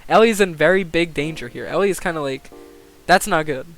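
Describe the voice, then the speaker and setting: A young man commentating a game simulation on a live stream, excitable, swearing and thinking aloud. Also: a little high, brisk, faint music behind.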